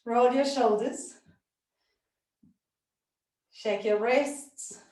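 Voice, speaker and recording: A woman with a high voice leads a workout-style yoga class, calling out breaths and poses in short encouraging commands. She speaks at an unhurried pace while moving with her students. The sound is very echoey and picked up from across the room. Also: steady tone, a little mellow. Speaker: yoga teacher. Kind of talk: live yoga class instruction. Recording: very echoey room, distant mic.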